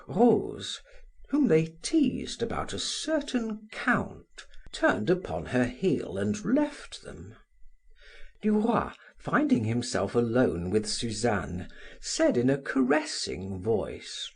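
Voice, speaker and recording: Audiobook narrator for a classic novel; slow, breathy, very expressive melody. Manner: slow, expressive reading with wide pitch swings. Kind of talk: reading a classic novel aloud.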